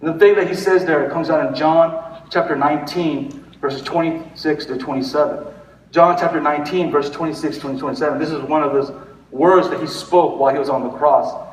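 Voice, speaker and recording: A man's voice: on the high side, steady tone, fairly quick, a little hiss or hum. A male pastor giving a conversational sermon, rambling with restarts and fillers. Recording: echoey hall, recorded from far off.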